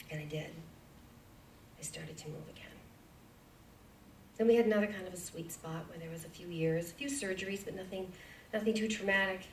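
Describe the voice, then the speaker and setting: A woman in her forties giving a heartfelt personal testimony as a guest speaker in a church, earnest and sometimes dropping to a soft whisper. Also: mid-range voice, a little hiss or hum. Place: church sanctuary. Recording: echoey church hall from far off.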